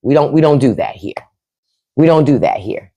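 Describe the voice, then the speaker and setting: A woman's voice: sits low, animated, normal speed, mellow, muffled recording. A woman hosting a livestream from home, giving blunt, profane opinions and answering her chat. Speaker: podcast host on a livestream. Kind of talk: unfiltered political livestream rant.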